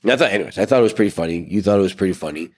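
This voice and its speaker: A man with a low, darkish voice co-hosts a podcast, talking expressively and at a rapid-fire clip. Sitting outdoors by a pool, he tells a story in a casual, loose, rambling way packed with fillers.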